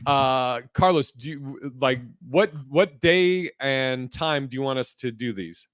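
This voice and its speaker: A man's voice: medium pitch, lively intonation, slow, clean tone, no room sound, clean studio sound. A man hosting a podcast in loose, profane casual chat, laughing as he tells stories. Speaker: podcast host.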